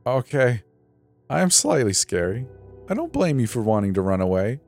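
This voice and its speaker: A man voicing a desperate young man dressed as a fairy-tale prince, pleading in a strained, halting way. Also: mid-range voice, sing-song, darkish tone, faint music behind, voice pushed up. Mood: weary, impatient.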